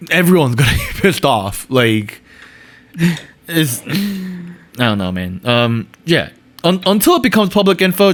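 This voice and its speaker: A man co-hosting a casual pop music podcast, hesitant and full of restarts. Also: mid-range voice. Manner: hesitant, many fillers and restarts, animated. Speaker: podcast co-host.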